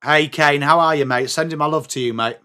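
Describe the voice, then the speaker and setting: A man's voice: on the high side, a little fast, sharp tone, clean tone. An English man hosting a live sports watch-along stream, calling the play and chatting to viewers in between. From England. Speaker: livestream host.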